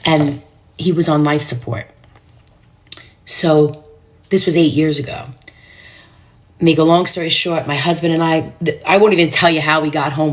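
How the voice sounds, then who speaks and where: A middle-aged woman speaks to her live audience in a low, earnest voice. She tells a deeply emotional personal story with intensity. At moments she drops into a soft whisper. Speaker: numerologist hosting a live stream.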